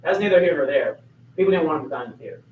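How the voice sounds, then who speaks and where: Echoey teacher lecturing from afar. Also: male voice, fairly high pitch, rapid-fire, narrow, tinny audio. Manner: lively storyteller, asks the class questions. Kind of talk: classroom history lecture. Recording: echoey room, mic far off, faint noise.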